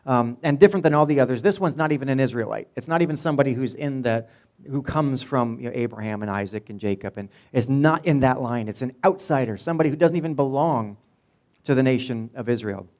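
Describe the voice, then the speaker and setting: A man's voice: medium pitch, fast talker, darkish tone. A middle-aged man preaching a sermon as pastor, telling a Bible story in a casual, joking way and acting out the people in it. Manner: casual, joking storyteller who retells Bible scenes in voices.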